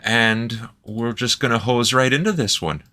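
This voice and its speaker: A man's voice: medium pitch, a little slow, pushed and bright. A man with a Canadian accent hosting a casual reaction video, joking and teasing in a laid-back way.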